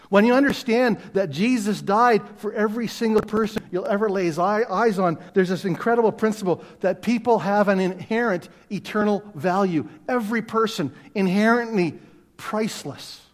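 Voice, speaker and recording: High-voiced male pastor in a reverberant hall. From Canada. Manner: conversational storytelling with self-deprecating humor. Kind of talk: sermon. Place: church sanctuary. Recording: long reverb of a church hall.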